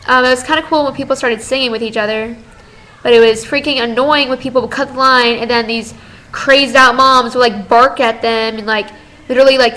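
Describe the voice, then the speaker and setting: A fifteen-year-old girl telling a story in a casual vlog, chatty and animated, full of "like". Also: on the high side, rough recording. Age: teens. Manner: chatty, lots of "like", animated retelling. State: tired. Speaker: vlogger.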